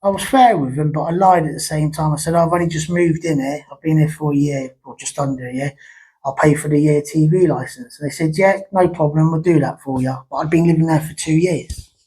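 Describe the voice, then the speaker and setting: A man's voice: fairly high pitch, fairly even intonation, brisk, warm tone, breathy edge, poor audio. A man ranting casually to camera, blunt and rambling, telling stories with repeated words. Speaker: YouTube ranter.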